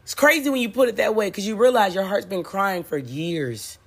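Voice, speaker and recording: A husky, medium-pitched woman speaks at a moderate pace in a sermon-like motivational monologue. The spiritual speaker curses bluntly, repeats phrases for emphasis, and laughs along with her own jokes.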